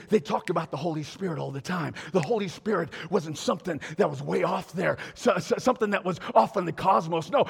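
A man preaching a sermon in a church, animated and exhorting, with call-and-response asides to the congregation. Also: high voice, gravelly, husky. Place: church sanctuary. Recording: long reverb of a large hall.

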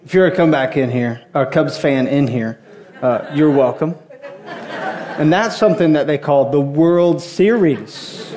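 A man's voice: on the high side, measured pace, mellow. A man preaching a sermon to a congregation, telling funny personal stories in a conversational way. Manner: humorous storytelling, conversational. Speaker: pastor. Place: church before a congregation.

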